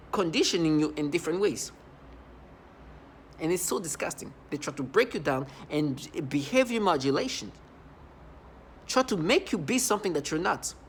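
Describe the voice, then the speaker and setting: A man in his thirties giving a personal testimonial, halting, often repeating and restarting words. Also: fairly high pitch, slight background noise. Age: 30s. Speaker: vlogger.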